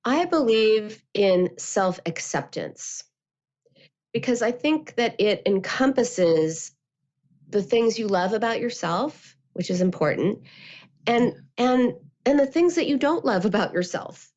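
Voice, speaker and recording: A woman, a therapist and author, giving calm, measured answers as a guest and acting out quotes as she explains. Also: fairly high pitch. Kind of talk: interview answers. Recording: muffled lo-fi audio.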